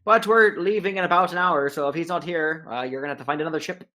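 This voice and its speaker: Man doing a loud bossy gnome captain lady. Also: on the high side, quick pace, voice pushed up. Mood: brisk. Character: brash small female gnome ship captain.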